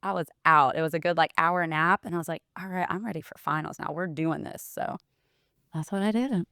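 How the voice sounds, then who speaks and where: A woman's voice: low-pitched, fairly quick, a bit bright, clear, resonant tone, no echo, clean studio sound. A young woman, chatting as an interview guest and telling stories while quoting others. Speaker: interview guest, wellness bodybuilder. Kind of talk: casual interview chat.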